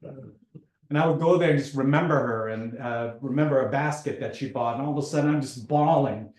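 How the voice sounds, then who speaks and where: A man telling a personal story in a halting way, often repeating words, with dark self-mocking humor. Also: medium pitch, reverberant.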